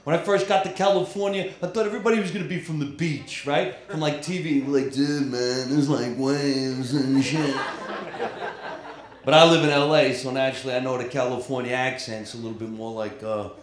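A man's voice: on the high side, fairly even intonation, quick pace, few pauses. Male stand-up, East Coast accent, cocky and profane, live club echo. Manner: brash, profane crowd work. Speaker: stand-up comedian. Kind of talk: stand-up comedy set. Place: comedy club stage. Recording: roomy live club sound. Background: crowd laughter.

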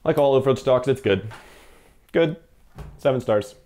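Reviewing a film stock on camera, this young film photography vlogger talks in a mellow, medium-pitched voice at a measured pace. He rambles, interrupts himself, and chalks up his jitters to having had too much coffee.

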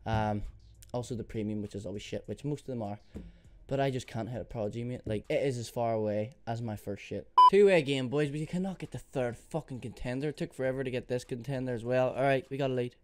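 A man's voice: medium pitch, quick pace, a bit bright. A young man giving casual commentary while gambling on online case battles, swearing a lot and talking frantically to his viewers. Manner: calls viewers mate, boys, guys. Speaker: YouTuber gambling on case openings. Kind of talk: casual live gaming commentary.

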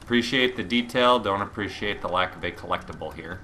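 A man hosting a let's play, chatting casually and sarcastically over the game, with sudden loud shouts when the action heats up. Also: deep voice, brisk. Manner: rambling, sarcastic, bursts into loud excited shouts during fights. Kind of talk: casual gameplay commentary. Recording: game audio and noise behind the voice.

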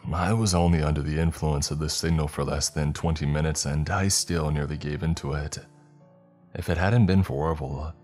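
A man reading a horror story as scripted narration, in a measured, even storytelling manner. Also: rumbling low.

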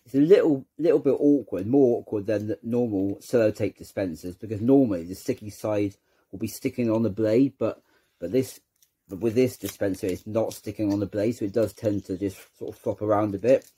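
Low husky man giving a how-to demo. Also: fairly quick, warm tone. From United Kingdom. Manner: hesitant, repeats words while handling the object. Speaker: channel host demonstrating a product. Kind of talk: unscripted how-to demonstration.

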